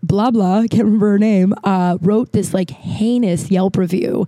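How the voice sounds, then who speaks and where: A woman's voice: medium pitch, steady tone, moderate pace, dark tone, dry recording. Chatty woman telling a story. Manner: chatty, lots of "like", swears, acts out quotes. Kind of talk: casual storytelling.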